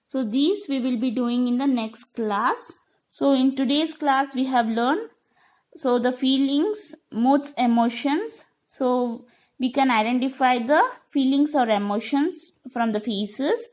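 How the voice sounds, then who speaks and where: Slow, high-voiced woman teacher. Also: darkish tone. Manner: slow, repetitive, checks understanding with "okay?". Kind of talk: online classroom lesson.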